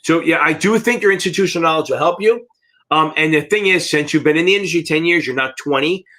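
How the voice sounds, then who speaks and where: A middle-aged American man runs a live exam-prep Q&A, answering questions bluntly and in a rambling way, swearing often. His fairly high-pitched voice is fast, bright, and forceful.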